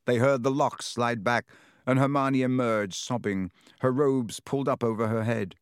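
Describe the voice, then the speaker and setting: Guy reading a story aloud, mid pitch, lively, dry close sound. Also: normal speed, clean tone, no echo. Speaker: audiobook narrator. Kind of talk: scripted narration.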